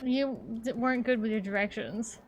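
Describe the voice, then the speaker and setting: Higher-voiced woman gamer, dry remarks. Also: normal speed, slight background noise. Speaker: streamer playing the game. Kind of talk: casual gaming stream commentary.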